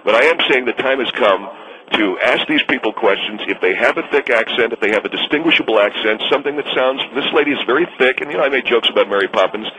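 A self-important radio guest holds forth with bright, pointed force and smug certainty, as a man plays him. He talks over everyone as though he is plainly right. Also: medium pitch, fast, pitched below the performer's own voice, natural voice, poor audio. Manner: pompous, smug. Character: pompous bigoted first-class flyer, male, middle-aged. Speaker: show guest.

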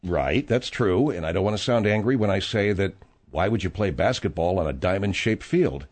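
A man hosting a comic talk radio show from a studio microphone, slightly hoarse from a sore throat, blustery and mock-indignant as he rambles. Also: low voice, lively intonation, normal speed, a little mellow.

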